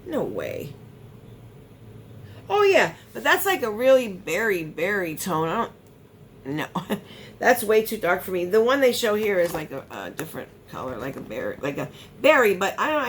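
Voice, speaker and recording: Chatty, animated woman vlogger. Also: fairly high pitch, a little hiss or hum. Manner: chatty, rambling, excitable with gasps. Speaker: beauty vlogger. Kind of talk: casual unboxing chat.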